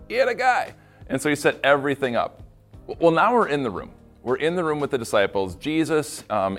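A middle-aged man, a school pastor, gives a devotional talk to students and acts out the quotes as he tells the story. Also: medium pitch.

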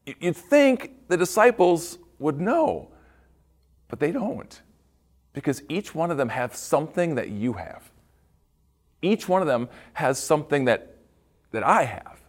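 Animated pastor with lively pitch. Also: male voice, measured pace, long pauses. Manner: animated storyteller, repeats words, playful asides. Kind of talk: devotional talk for kids and adults.

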